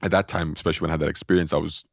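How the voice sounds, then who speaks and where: A man telling a personal spiritual story in a relaxed podcast conversation, animated and often restarting his sentences. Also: a bass voice, very fast, vocal fry, dry recording, clean studio sound.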